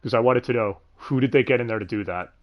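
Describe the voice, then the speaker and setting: A man hosting a casual livestream chat, animated, swearing freely and laughing often. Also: mid-range voice, fast talker, lo-fi sound. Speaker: podcast host.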